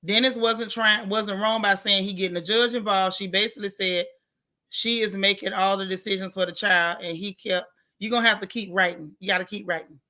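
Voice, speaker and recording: A woman hosting a casual live stream, reading viewer comments and giving outspoken, animated reactions in colloquial talk. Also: mid-range voice, brisk. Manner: outspoken, animated, colloquial, talks back to the chat.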